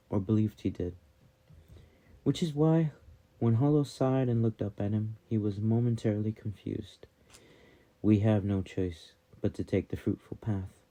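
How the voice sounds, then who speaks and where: A man narrating a fantasy novel as an audiobook, reading calmly and steadily. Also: lowish voice.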